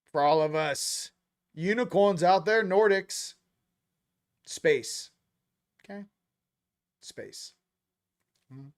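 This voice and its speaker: Slangy, joking man with a higher voice. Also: measured pace, clean tone. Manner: joking, slangy, swaggering, laughs often. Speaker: host of a spiritual reading show. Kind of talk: casual spiritual card reading.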